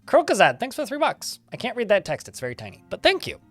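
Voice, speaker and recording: A man's voice: high voice, huge pitch swings, quick pace, soft background music. A man giving casual live gameplay commentary, chatting, reading game text aloud and swearing casually. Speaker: game streamer.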